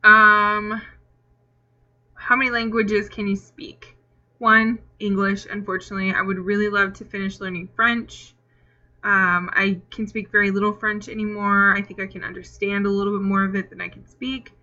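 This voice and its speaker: A woman's voice: mid-range voice, flat delivery, moderate pace, bright, forceful tone, dull audio. A young woman vlogger answering tag questions in a chatty, rambling way with lots of fillers, hiccuping now and then. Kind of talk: casual Q&A tag video.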